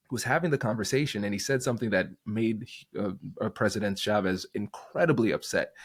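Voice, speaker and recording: Energetic man explaining negotiation, dry sound. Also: lowish voice, dry recording. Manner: energetic, emphatic, acts out quoted voices. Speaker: negotiation expert guest. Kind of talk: conversational podcast interview.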